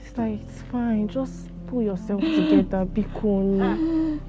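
A young Nigerian woman, played by an actress pleads softly with her sister. Her voice is quiet and even. Clear film music runs beneath her. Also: fairly high pitch, slow. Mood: soothing. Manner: soft, pleading. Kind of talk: Nollywood film acting.

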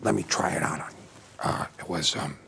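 A man playing a parody of a famous aging film actor, talking in a husky, murmuring, rambling way full of half-whispered asides in a comedy sketch. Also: deep voice, fairly quick, sharp tone, slight background noise, exaggerated voice. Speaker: celebrity acting teacher in a sketch.

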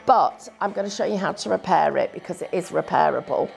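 A woman's voice: on the low side, a little fast, gravelly. A woman giving a live crafting demonstration, chatty and self-deprecating, thinking aloud as she works.

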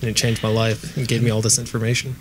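A man joking with friends in casual banter, spinning deadpan tall tales. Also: medium pitch, fast, background noise. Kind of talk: casual banter between players.

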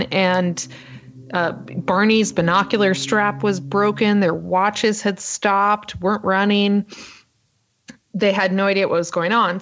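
A woman co-hosting a podcast, recounting a story in a casual, fast, filler-heavy way. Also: mid-range voice, a bit bright, highs cut off. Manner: fast-talking, lots of ums and uhs. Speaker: podcast co-host.

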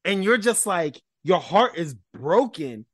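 A man co-hosting a casual pop-culture podcast, talking in an expressive, slangy, emphatic way. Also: slow pace, no echo, studio quality. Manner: expressive, slangy, emphatic, drops into low quoted asides. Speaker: podcast co-host.

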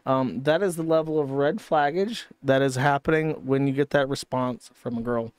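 Smooth-voiced man in a sardonic commentary stream. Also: mid-range voice, moderate pace, dry recording. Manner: casual, profane, sardonic. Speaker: streamer host.

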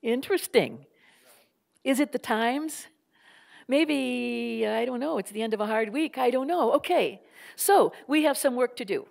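A woman's voice: on the high side, unhurried, vocal fry, a little mellow. An older woman giving a public lecture, impassioned and building her points through rhetorical questions and repetition.

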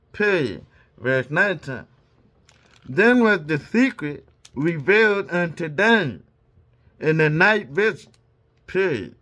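A man's voice: fairly high pitch, bright, forceful tone. A man reading scripture aloud, speaking every punctuation mark and breaking off for casual asides between verses. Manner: reads punctuation marks aloud. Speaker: Bible reader.

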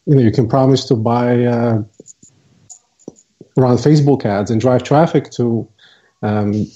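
Mellow man with a dull recording. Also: medium pitch, fairly even intonation. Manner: measured, hesitant, many fillers. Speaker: guest, software co-founder. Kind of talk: casual interview talk. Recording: dull lo-fi audio.

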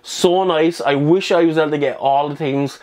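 Chatty man with a higher voice. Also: fairly even intonation, moderate pace, darkish tone. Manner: chatty, rambling, with fillers and restarts. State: out of breath. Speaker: hobby news host. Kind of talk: casual video commentary.

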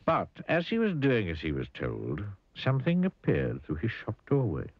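A man reading a children's storybook aloud in an animated way, asking the listener questions. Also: fairly low pitch, normal speed, no echo, highs cut off. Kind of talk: storybook read-aloud narration.

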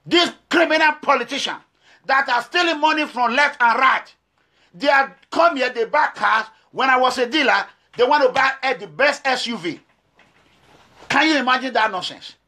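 A middle-aged Nigerian activist from Edo State, speaking with a Nigerian accent, delivers an impassioned, emphatic monologue to camera. His voice is very high and sharp in tone, and he repeats himself while firing off rhetorical questions.

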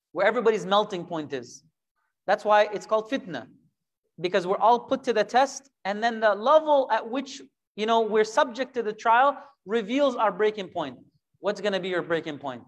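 In this Quran lesson, the male teacher's voice sits high. His delivery is lively and packed with rhetorical questions, with occasional performances of imagined voices.

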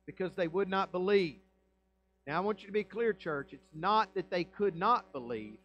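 Man, pastor, high-pitched, emphatic sermon, rhetorical questions. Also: expressive, normal speed, dull audio. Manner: emphatic preaching with rhetorical questions and swings in loudness. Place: church sanctuary.

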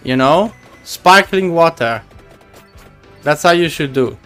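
A man's voice: on the high side, animated, takes it slowly, fairly bright tone, clean tone, soft background music. A man streaming a game live, chatting casually and teasing his viewers in a playful way.

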